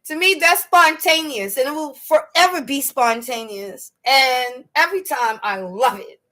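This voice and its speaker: High-voiced woman telling a livestream story. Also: unhurried, bright, forceful tone. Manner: laughs often while telling stories; slangy, chatty talk. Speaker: livestream host.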